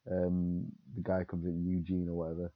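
A young man co-hosting a casual chat, telling animated stories and acting out quotes. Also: low-pitched, moderate pace, no room sound, phone-quality sound. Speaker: podcast co-host.

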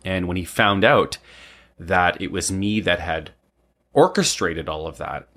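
Man of about forty with a very low voice. Loose, rambling storyteller who drops frequent "um"s. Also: lively intonation, a little slow, a bit bright. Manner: rambling, frequent "um" and tag "right?". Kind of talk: casual personal storytelling.

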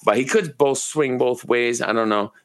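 A man from Maine co-hosting a podcast, telling long rambling, profane stories in a relaxed, casual way. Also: mid-range voice, moderate pace. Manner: profane, rambling, laid-back storyteller. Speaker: podcast co-host. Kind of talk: casual storytelling chat.

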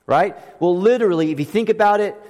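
A man preaching a sermon as pastor, swinging between loud emphatic lines and soft hushed ones. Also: sits high, fast. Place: church sanctuary. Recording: long reverb of a church hall.

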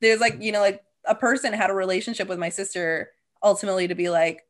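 A woman's voice: mid-range voice, steady tone, fast talker. Chatty young woman telling stories. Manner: chatty storyteller, heavy use of "like". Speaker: podcast co-host. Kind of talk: casual chat.

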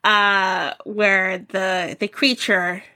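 A woman hosting a podcast, chatting casually about movie picks and acting out scenes in high voices. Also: level tone, extremely slow, pushed and bright, no room sound. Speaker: podcast host.

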